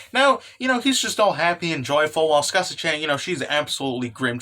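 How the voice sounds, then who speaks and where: A young man casually recapping a comic, energetic and swearing, with lots of fillers. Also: fairly high pitch, quick pace, hardly any pauses. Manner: energetic, swears, laughs, fillers like "you know" and "okay". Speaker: manga recap host.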